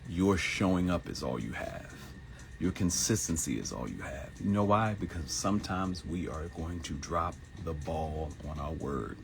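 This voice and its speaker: Deep gravelly man preaching with lively swings. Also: normal speed, music in the background. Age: 50s. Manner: preachy, repeats phrases, jumps into high mock voices for quotes. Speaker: host of a live morning show. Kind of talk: motivational live-stream monologue.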